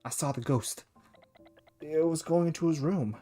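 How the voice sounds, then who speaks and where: A man voicing an excitable little boy who insists he saw a ghost. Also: on the high side, normal speed, faint music behind, pitched above the performer's own voice, close to an everyday voice. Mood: excited. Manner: loud, insistent.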